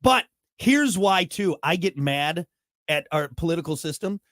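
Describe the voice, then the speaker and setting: A man's voice: fairly high pitch, animated, measured pace, a bit bright, dry recording, studio quality. A man hosting a morning radio show, rambling and joking in casual banter with a co-host. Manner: rambling, joking, self-mocking.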